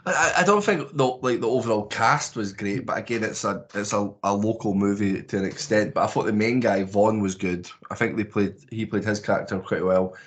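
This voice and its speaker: A man's voice: lowish voice, brisk, hardly any pauses. A Scottish man co-hosting a podcast, reviewing a movie in casual, rambling chat with lots of swearing and restarts. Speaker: podcast co-host.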